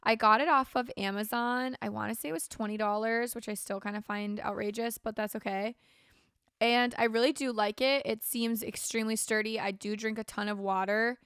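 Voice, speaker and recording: A woman's voice: on the high side, steady tone, normal speed, fairly bright tone, clean tone, no echo, clean studio sound. Tired woman rambling in casual chat. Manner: rambling, frequent "like" and "um". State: tired, yawning; sore throat. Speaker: podcast host. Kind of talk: casual solo podcast chat.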